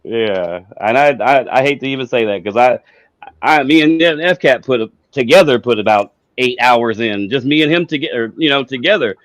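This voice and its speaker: A man's voice: mid-range voice, normal speed, no echo, poor audio. A man co-hosting a casual gaming podcast, telling stories animatedly, laughing often and acting out what others said. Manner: animated storyteller, laughs often, acts out quotes. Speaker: podcast co-host.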